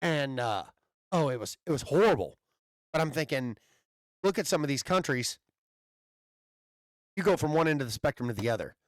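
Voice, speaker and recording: A man co-hosting a casual podcast, telling animated stories and teasing his friend with frequent laughs. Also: medium pitch, normal speed, long pauses, dry recording, studio quality. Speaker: podcast co-host. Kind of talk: casual chat. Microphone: new podcast microphone.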